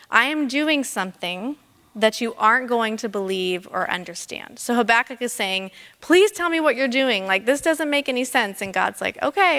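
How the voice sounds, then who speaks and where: A woman preaching a sermon in a church, earnest and emphatic, slowing down on key phrases. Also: fairly high pitch, bright, forceful tone. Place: church sanctuary. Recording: long reverb of a church hall.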